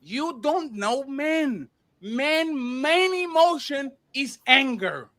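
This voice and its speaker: A man's voice: extremely high pitch, lively intonation, extremely slow, pushed and bright. Man arguing emphatically in a debate. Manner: interrupting, emphatic, repeats himself. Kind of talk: heated debate.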